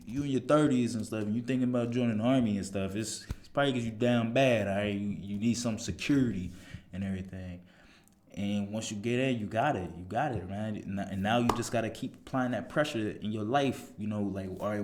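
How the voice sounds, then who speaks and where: A man's voice: on the low side, darkish tone, a little hiss or hum. A man, a soldier giving blunt, profane motivational advice in a casual monologue, full of rhetorical questions.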